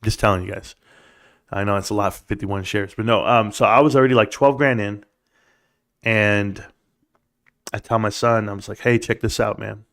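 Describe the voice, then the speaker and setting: A man's voice: on the low side, steady tone, moderate pace, pauses often, fairly bright tone. A man hosting a livestream, ranting casually with rambling stories and emphatic rhetorical questions. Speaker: livestream host. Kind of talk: casual stock-market rant.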